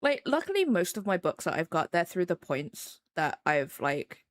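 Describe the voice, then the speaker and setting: A woman streamer in relaxed, casual chat, talking straight to her viewers. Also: on the low side, moderate pace, no echo, clean studio sound, soft background music. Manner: relaxed, chatty, addresses viewers directly.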